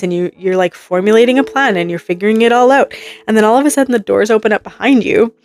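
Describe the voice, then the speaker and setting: A woman giving a casual, rambling tarot reading to her viewers, acting out imagined reactions in quick quotes. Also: medium pitch. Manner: rambling, animated, full of hypothetical quotes. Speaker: tarot reader.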